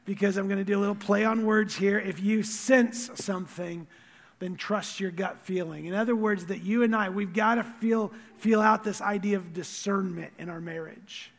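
A man preaching a sermon as pastor, earnest, repeating words and swinging from loud stress to quiet asides. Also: sits high, fairly even intonation, moderate pace, big-room sound.

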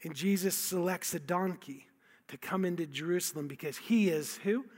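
High-voiced man preaching in a reverberant hall. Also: normal speed, a little mellow. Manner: emphatic storytelling, repeats key phrases. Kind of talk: sermon.

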